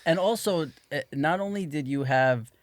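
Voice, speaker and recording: A man's voice: a little high, normal speed, no echo. A man co-hosting a podcast in casual chat, asking a guest questions and answering with short agreeing replies. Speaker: podcast co-host.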